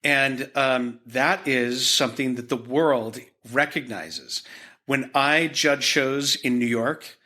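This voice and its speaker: Male art historian guest, Utah-raised, bright forceful tone, chatty storyteller who restarts often. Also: medium pitch, slow pace. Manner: animated anecdotes with many restarts and filler. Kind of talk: conversational storytelling.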